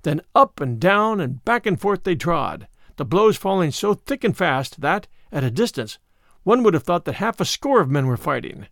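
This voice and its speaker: A man narrating an old adventure story with a high, lively voice. His storytelling stays animated throughout. The recording is close and dry. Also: normal speed, gravelly, no room sound. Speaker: audiobook reader.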